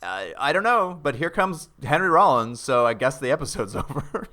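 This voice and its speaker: A man's voice: mid-range voice, normal speed. A man co-hosting a podcast, casually retelling a TV episode scene by scene and acting out the characters' lines. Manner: animated retelling with quoted lines and laughs. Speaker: podcast co-host.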